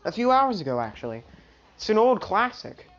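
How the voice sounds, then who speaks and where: A woman's voice: mid-range voice, big pitch swings, brisk, muffled recording, pitched above the performer's own voice, natural voice. Woman doing an earnest teenage boy.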